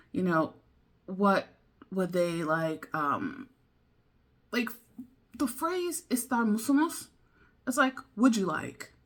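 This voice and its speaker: A language-learning vlogger with a mid-range voice talks slowly and casually to camera in a study vlog, puzzling over new words out loud. She repeats foreign phrases to herself and muses as she thinks aloud, chatty and easily sidetracked into side topics, with little laughs along the way.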